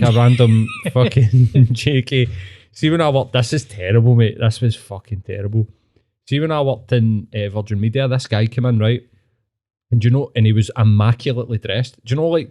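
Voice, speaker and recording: A man's voice: mid-range voice, normal speed, warm tone. A man with a Glaswegian accent, hosting a podcast and telling anecdotes in loose, sweary casual chat. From Scotland. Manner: swears freely, tells anecdotes with put-on voices. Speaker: podcast host.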